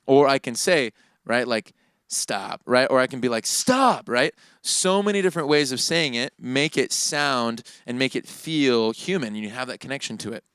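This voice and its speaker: A man teaching worship keyboard in a relaxed, casual way, often tagging his points with "right?". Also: medium pitch, moderate pace, smooth, dry recording. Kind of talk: casual instructional talk. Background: keyboard playing.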